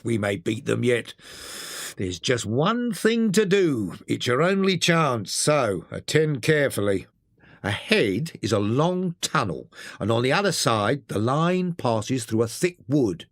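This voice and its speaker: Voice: mid-range voice, no room sound, clean studio sound. A narrator doing a kindly engine driver. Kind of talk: audiobook character voice.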